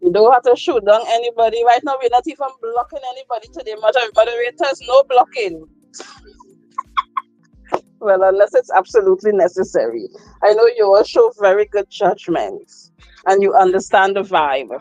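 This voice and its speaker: A woman's voice: mid-range voice, lively intonation, darkish tone, no room sound, muffled recording, faint music behind. A woman hosting a casual livestream, reading out viewer comments, repeating herself and laughing often. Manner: slow, repetitive, laughs often. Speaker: livestream host. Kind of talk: casual live chat. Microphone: phone.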